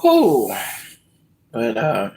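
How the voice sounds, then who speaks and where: Slow, heartfelt woman talking to viewers. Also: extremely low pitch, huge pitch swings, darkish tone. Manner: slow, heartfelt, emotional, addresses viewers as y'all. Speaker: cooking vlog host. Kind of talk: casual live-stream chat.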